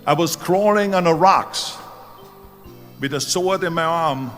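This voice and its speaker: A man's voice: fairly high pitch, a little slow, fairly bright tone, faint music behind. A man in his seventies with a German accent, giving a motivational speech as emphatic storytelling that leans hard on key words. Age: 70s. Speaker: speaker.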